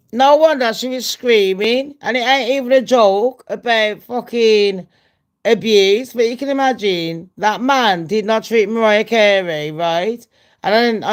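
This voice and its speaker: A woman, hosting her channel and gossiping in a loose, profane way, often laughing at her own jokes. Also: a little high. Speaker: channel host. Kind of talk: casual gossip chat.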